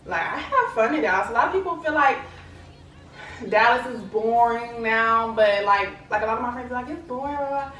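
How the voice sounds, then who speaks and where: Young woman vlogger, casual and chatty, slightly high voice, echoey room with faint background hum. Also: normal speed, a bit bright. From Lubbock, Texas. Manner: chatty, fills with "like" and "you know what I'm saying". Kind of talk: casual talk to camera. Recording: echoey room, distant mic, faint ambience.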